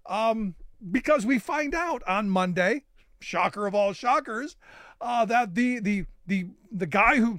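A man hosting a political talk radio show, delivering sarcastic, animated commentary with many filler "uh"s into a studio microphone. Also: high voice, takes it slowly, no echo.

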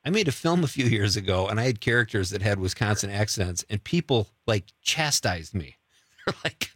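A man hosting a casual interview, chatty and quick to laugh. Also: fairly low pitch, animated, no room sound, clean studio sound. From part of life in Chicago. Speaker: host.

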